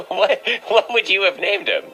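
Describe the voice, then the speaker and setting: A man hosting a comic call-in, his voice leaping all over the place as he teases his caller. He sounds bright and forward, stumbling over playful restarts and slipping into a mock-mystical pet-psychic act. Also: sits high, very animated, unhurried, soft background music, low-quality recording. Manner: playful, teasing, stammering restarts. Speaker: call-in show host. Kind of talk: comedic call-in chat.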